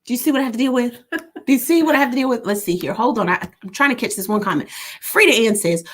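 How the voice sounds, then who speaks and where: A woman's voice: fairly high pitch, rapid-fire. A woman hosting a casual livestream, reading viewer comments aloud with teasing humor. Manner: animated, teasing, laughs often. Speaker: livestream host. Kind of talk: casual live-stream chat reading comments.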